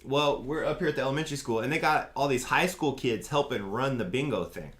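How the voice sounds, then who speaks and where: A man from Oklahoma hosting a casual talk show, telling stories in an animated, slangy way. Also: medium pitch, fast talker. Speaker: host. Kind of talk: casual podcast chat.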